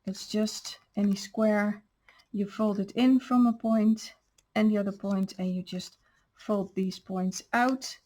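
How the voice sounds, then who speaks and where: A woman's voice: medium pitch, fairly even intonation, slow pace, dark tone. A woman hosting a craft channel, patiently explaining step by step how she made each paper piece. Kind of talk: crafting show-and-tell.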